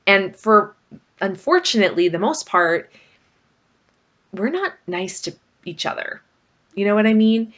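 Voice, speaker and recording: A woman's voice: fairly low pitch, lively intonation, slow pace, fairly bright tone, lo-fi sound. A middle-aged woman vlogger talking casually and rambling about her marriage, with frequent fillers. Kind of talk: casual personal talk to camera.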